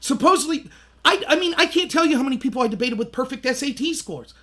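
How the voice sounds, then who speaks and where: This thirtysomething livestream host speaks fast in an extremely high pitch. His casual commentary is full of animated storytelling, complete with impressions of the voices he's quoting.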